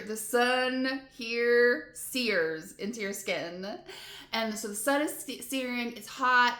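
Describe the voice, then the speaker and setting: Woman vlogger, casual story to camera, bright voice, rambly with fillers and laughs, echoey room. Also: a little high. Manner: rambling, full of "like" and "you know", laughing between frustrations. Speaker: van life vlogger. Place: motel room. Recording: roomy echo.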